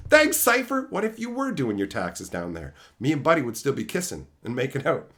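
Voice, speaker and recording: A man's voice: high-pitched, moderate pace, hardly any pauses. A man telling brash, profane stories in a casual stream chat. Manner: profane, brash, animated storytelling.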